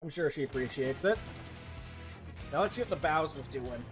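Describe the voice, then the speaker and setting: A man's voice: on the high side, lively intonation, normal speed, music in the background. A man giving casual, joking gameplay commentary as a streamer, swearing now and then.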